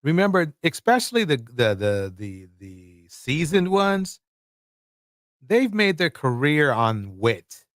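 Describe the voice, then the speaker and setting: A man's voice: on the high side, big pitch swings, slow, fairly bright tone, dry recording, studio quality. A man hosting livestream commentary, emphatic and repeating words for effect. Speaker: commentary host.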